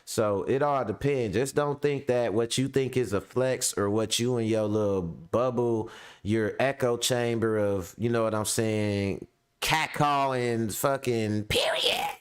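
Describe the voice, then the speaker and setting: A middle-aged man hosts a casual commentary show, speaking at a measured pace with a clean tone. He tells stories in slang and acts out voices in a high, squeaky pitch.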